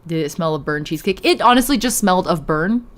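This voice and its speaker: A woman's voice: fairly low pitch, expressive, quick pace. A young woman streamer chatting casually with her viewers, giggling often and reading chat aloud.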